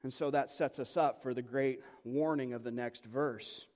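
A man's voice: mid-range voice, fairly even intonation, normal speed, darkish tone. A man preaching a sermon as pastor, teaching the text in an emphatic manner that builds to passionate repetition. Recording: long hall reverb.

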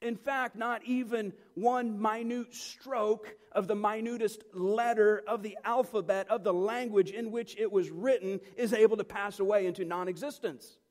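A man's voice: high voice, steady tone, normal speed, few pauses. A man preaching a sermon as pastor, teaching the text in an emphatic manner that builds to passionate repetition. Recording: long hall reverb.

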